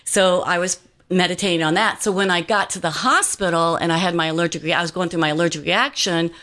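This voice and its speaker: A woman's voice: lowish voice, steady tone, fast, a bit bright. A woman guest telling a personal story in an earnest, meandering way, full of fillers and restarts.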